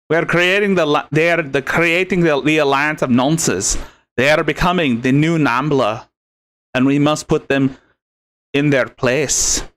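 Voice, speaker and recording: Bright-voiced, scornful male commentary host. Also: a little high. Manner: sarcastic, scornful, rambling. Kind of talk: mocking live commentary.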